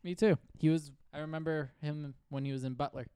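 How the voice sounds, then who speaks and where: Man, sports podcast co-host, smooth resonant voice, dry close sound, deadpan jokes. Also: a little high, no room sound. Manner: wisecracking, deadpan jokes then quick takebacks. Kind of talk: casual sports chat.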